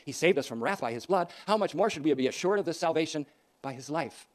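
A man preaching a sermon in a fairly high voice. He punches his key points loudly, then drops to hushed, quieter asides. The delivery is earnest and pulpit-style throughout. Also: expressive, fast talker. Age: older. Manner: emphatic, rising to loud declarations then dropping to soft asides.

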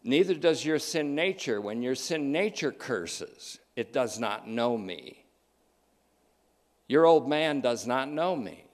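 A man preaching a sermon, emphatic and repeating key phrases, slowing down and speeding up as he goes. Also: mid-range voice, expressive.

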